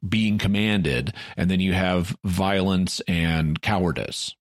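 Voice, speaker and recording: A man with a fairly low voice co-hosting a casual podcast, retelling episode scenes at length. He often restarts his sentences and slips into quoted lines. The sound is close and dry. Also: slow, dry recording. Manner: storytelling with frequent restarts and acted-out quotes. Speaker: podcast co-host. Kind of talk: casual chat, recapping an episode.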